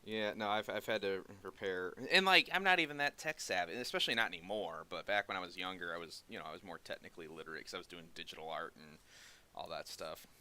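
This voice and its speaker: A man hosting a podcast, chatting casually and telling stories in an animated way. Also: deep voice, quick pace. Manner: animated storyteller, breaks into laughter. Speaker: podcast host. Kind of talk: casual chat.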